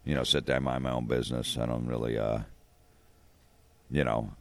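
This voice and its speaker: A male comedian being interviewed, telling stories in a deadpan way and acting out the other people's lines. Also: extremely low pitch, brisk, vocal fry, dry recording. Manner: deadpan storytelling, acts out dialogue. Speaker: comedian guest. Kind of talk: casual interview chat. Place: on location, dry room.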